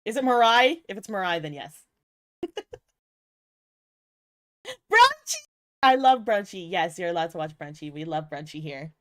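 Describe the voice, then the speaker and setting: A young woman VTuber chats casually with her livestream viewers, playful and giggly, teasing them and swearing often while sounding a little tired. Her low-pitched voice is a bit bright and a little fast, recorded dry with clean studio sound.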